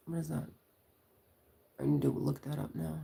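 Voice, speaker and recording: Middle-aged woman, low creaky voice, loose rambling livestream chat host. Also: big pitch swings, normal speed, dark tone. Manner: rambling, chatty, storytelling with quoted voices.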